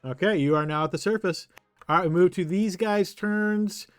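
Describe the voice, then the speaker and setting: A man's voice: high voice, normal speed, smooth, no echo, soft background music. A man running a tabletop game as game master, patiently explaining rules and thinking aloud.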